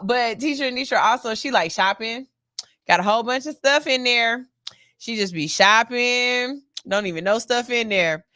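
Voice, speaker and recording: A woman with a bright, forceful, fairly high voice hosts a casual morning radio show. She banters loosely and playfully and curses freely. The recording is close and dry. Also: no room sound. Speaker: station engineer.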